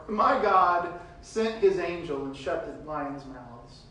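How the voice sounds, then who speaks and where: A man's voice: a little high, takes it slowly, few pauses, distant mic. Man preaching in a very echoey room. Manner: reads scripture aloud and retells it with swings in loudness. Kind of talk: sermon.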